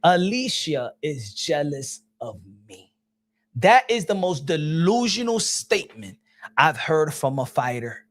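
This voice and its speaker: A man giving casual livestream commentary, animated and rambling, with frequent restarts, laughs and bursts of shouting. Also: on the high side, slow pace. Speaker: boxing commentary streamer.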